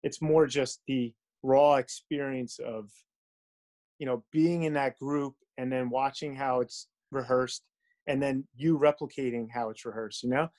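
A man's voice: medium pitch, steady tone, measured pace, darkish tone. Easygoing man explaining over a call. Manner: easygoing, explanatory, fillers like you know. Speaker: school band director. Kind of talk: casual interview answers. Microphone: video call.

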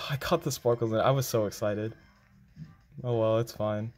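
A man giving live gameplay commentary, excitable and quick to groan and exclaim. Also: lowish voice, a little hiss or hum. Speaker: game video creator.

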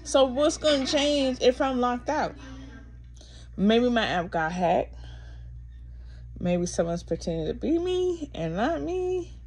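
A woman's voice: fairly high pitch, big pitch swings, takes it slowly, long pauses, a little mellow. A woman vlogging a frustrated, rambling rant while drowsy from pain pills. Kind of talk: casual ranting to camera.

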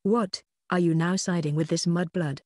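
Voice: medium pitch, steady tone, moderate pace, darkish tone, no echo, clean studio sound, close to an everyday voice. An audiobook narrator voicing an arrogant boy wizard, a scornful bully. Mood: sneering.

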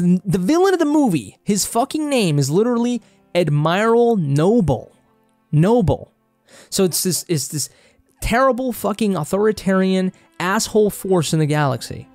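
A man's voice: on the high side, darkish tone, dry recording. A young man from Mexico with a Mexican Spanish accent, a native Spanish speaker, delivering a passionate, heated movie review monologue and swearing freely as he gets worked up. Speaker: film vlogger.

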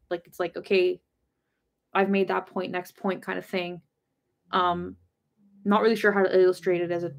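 A woman hosting a casual livestream book discussion, rambling and chatty, full of filler words and casual swearing. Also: mid-range voice. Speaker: host of a book discussion channel.

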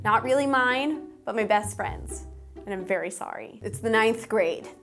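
Animated young woman telling a story. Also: on the high side, normal speed, gravelly, music in the background. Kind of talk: casual storytelling to camera.

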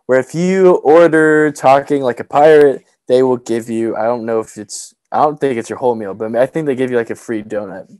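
A man co-hosting a casual podcast, joking around in a playful, animated way. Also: medium pitch, a little fast, hardly any pauses, no echo. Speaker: podcast co-host.

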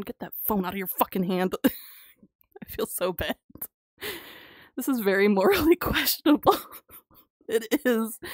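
Slow-talking, laughing woman game streamer. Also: medium pitch, dry recording, studio quality. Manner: excitable, laughs often, swears freely. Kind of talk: casual live gameplay commentary.

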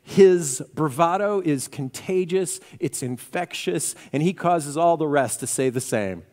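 Animated preacher in an echoing sanctuary. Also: male voice, on the high side, unhurried. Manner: animated storytelling, acting out quotes. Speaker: pastor. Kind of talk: sermon. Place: church sanctuary. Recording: reverberant church hall.

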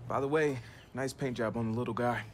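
A man voicing a calm, easygoing young hacker. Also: mid-range voice, brisk, noisy background, close to an everyday voice. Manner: calm, dry, amused replies. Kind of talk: video game dialogue. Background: game music.

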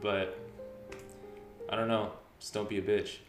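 A man's voice: fairly low pitch, flat delivery, a little slow, recorded from a distance. A young man chatting casually about his clothes, laid-back and rambling with lots of fillers. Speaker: guest showing his closet. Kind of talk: casual chat. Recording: echoey room, background music.

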